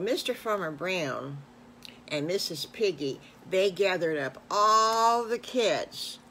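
An older woman, a grandmother, making up a bedtime story as she goes in a homespun, meandering way, growing animated at its emotional moments. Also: on the low side, slight background noise.

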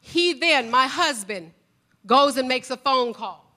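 A woman giving an emotional church testimony, fervent and rising to loud praise. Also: high voice, expressive, takes it slowly.

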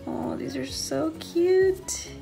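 A woman hosting a casual craft unboxing vlog, gushing with excitement over each item she opens. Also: very high-pitched, very slow, vocal fry, soft background music, poor audio. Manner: gushing, excited, says "so cute" often. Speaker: craft channel host.

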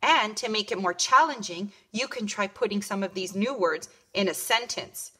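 A woman kindergarten teacher giving a home lesson to young children, sounding out words slowly. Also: mid-range voice, expressive, sharp tone, slightly rough. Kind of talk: home learning video lesson.

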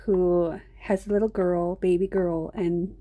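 A woman's voice: fairly low pitch, level tone, a little slow, dark tone. A middle-aged woman hosting an art live stream, rambling and chatting straight to her viewers. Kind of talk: casual live-stream chat.

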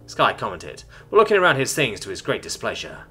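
A man narrating a story in a scripted, expressive way. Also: medium pitch, a little fast, husky, soft background music.

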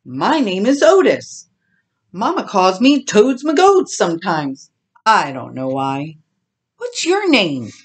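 A woman's voice: mid-range voice, huge pitch swings, takes it slowly, slightly rough, full character voice. A woman voicing an eager, chatty young boy piglet in a storybook reading.

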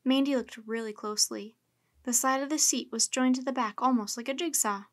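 A woman reading a children's book aloud in a steady, clear storytelling manner. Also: fairly high pitch, fairly quick.

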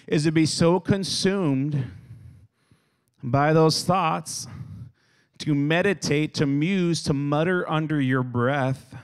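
A man preaching a lively youth sermon who acts out everyday scenes and has the crowd repeat words after him. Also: fairly high pitch, slow pace, clean tone. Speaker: youth speaker.

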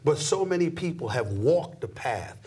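A husky middle-aged man talks emphatically in an interview. His voice leaps from a low growl to loud high exclamations as he preaches his point, and his everyday pitch sits a bit high. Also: big pitch swings, moderate pace. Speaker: sports commentator guest. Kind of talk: animated interview talk.

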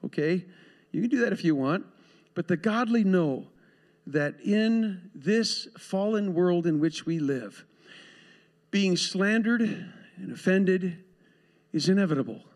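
A man with a notably high voice delivers a sermon to his congregation. His style is conversational, with quick asides and little acted exchanges. He sounds recorded in a church sanctuary. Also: expressive. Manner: conversational preaching with asides and laughs. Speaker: pastor.

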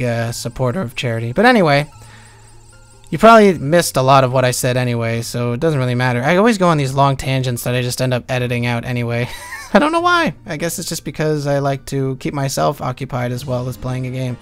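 Sarcastic, swearing gaming commentator man. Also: medium pitch. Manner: rambling, sarcastic, profane. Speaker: let's play commentator. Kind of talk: gameplay commentary.

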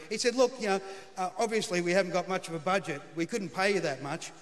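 On stage in a big live TV studio with an audience, a middle-aged Australian man spins a funny story in a dry, laconic style built around punchlines. He has a high voice and talks a little fast. There's long hall reverb and a faint murmur from the crowd.

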